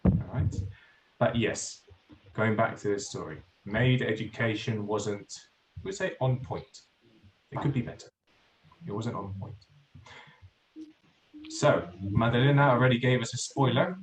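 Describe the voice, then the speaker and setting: A man teaching an online English class, explaining in a relaxed way and repeating words for emphasis. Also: medium pitch, a little slow, long pauses, a little hiss or hum, poor audio. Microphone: video call.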